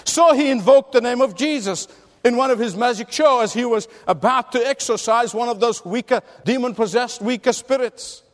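Preacher, male, very high pitched voice, emphatic storyteller, long hall echo. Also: normal speed. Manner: emphatic storytelling with rhetorical questions. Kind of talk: sermon.

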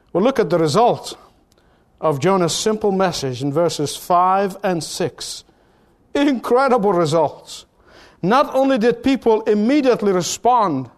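A man preaching a sermon as pastor, building emphatic repeated phrases that rise in force. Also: high-pitched.

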